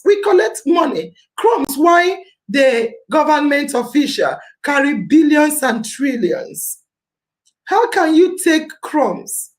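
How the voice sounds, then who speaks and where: A woman's voice: high-pitched, reverberant, poor audio. A Nigerian woman hosting a podcast, giving an impassioned civic talk, repeating phrases for emphasis and slipping into Pidgin. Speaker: podcast host.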